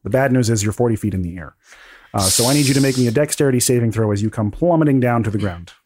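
A man narrating as game master of a tabletop game, relaxed and chatty, laughing often. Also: mid-range voice, fast talker, noisy background.

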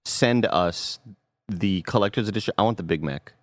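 A man's voice: lowish voice, moderate pace, dry recording. A man hosting a casual gaming podcast, reading out super chats with jokes and playful asides. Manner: joking, does mock accents while reading.

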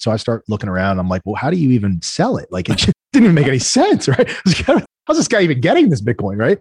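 A man, a guest entrepreneur telling animated stories in a casual interview, acting out the voices of the people he quotes. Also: medium pitch, fast talker, breathy edge, no echo, studio quality. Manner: animated storyteller, acts out quoted voices, frequent "right?".

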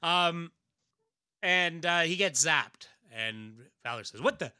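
Casual podcast host narrating a comic, bright and dry, loose with fillers. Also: male voice, a little high, expressive, takes it slowly, smooth, dry recording. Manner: narrates with frequent fillers and laughs. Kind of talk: casual chat and read-aloud.

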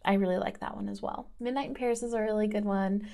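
A woman's voice: medium pitch, fairly even intonation, quick pace, gravelly, mellow. A woman in her thirties from the American South, hosting in a casual, rambling chat style with many fillers. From Southern United States. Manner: chatty and rambling, lots of "like". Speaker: host.

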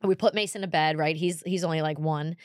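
A woman in her forties co-hosting a podcast, telling stories in a casual, animated way with bursts of exasperated emphasis. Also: deep voice, brisk, dry recording, studio quality. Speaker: podcast co-host. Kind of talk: casual chat, storytelling.

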